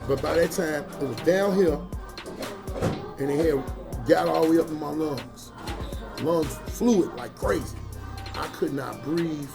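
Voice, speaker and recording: A man, a comedian telling a story in an interview in a blunt, profane, animated way. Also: fairly high pitch, unhurried, vocal fry, music in the background. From Chicago. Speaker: comedian, guest.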